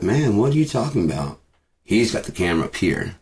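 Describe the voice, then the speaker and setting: A man's voice: low voice, very animated, normal speed. A man delivering a bitter, profane rant as a vlogger, repeating himself as he talks. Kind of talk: profane ranting monologue.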